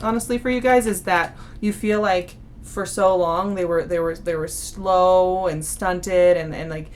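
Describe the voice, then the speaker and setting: A young woman talks through a tarot spread in a loose, chatty way, often restarting her sentences. Her voice sits a bit low for a woman. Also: fairly even intonation, normal speed, slight background noise. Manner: chatty, warm-hearted, many fillers and restarts. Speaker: tarot reader. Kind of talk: casual monthly tarot reading.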